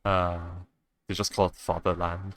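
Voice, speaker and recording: A man's voice: deep voice, flat delivery, a little slow. A man chatting casually as a tabletop game player, rambling and joking and often correcting himself. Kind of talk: casual chat between players.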